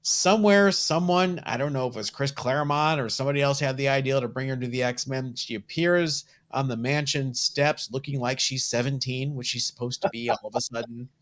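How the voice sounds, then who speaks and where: A man's voice: medium pitch, brisk, few pauses, a bit bright. Wry male comic podcast host. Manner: wry, joking. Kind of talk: casual chat.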